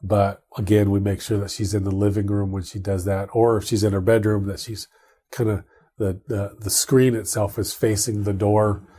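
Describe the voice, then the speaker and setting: A middle-aged man with a dark, mellow and somewhat husky voice, chatting casually on a tech podcast. He rambles, restarts his sentences and fills gaps with ums. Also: on the low side, level tone, normal speed. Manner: rambling, many restarts and fillers. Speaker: podcast co-host.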